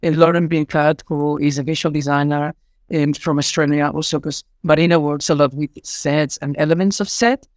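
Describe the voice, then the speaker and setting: A man's voice: fairly high pitch, fairly even intonation, moderate pace, dry recording. Effusive Spanish-accented man, dry close sound. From Spain. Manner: effusive, rambling with many "you know" fillers. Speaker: artistic director and choreographer. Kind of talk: podcast interview answers.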